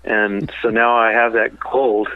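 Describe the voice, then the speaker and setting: A man's voice: on the low side, a little slow, crowd noise. Man telling stories over a tinny phone line. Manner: rambling, animated storyteller. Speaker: songwriter and business partner of the late musician. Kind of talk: phone-in interview storytelling.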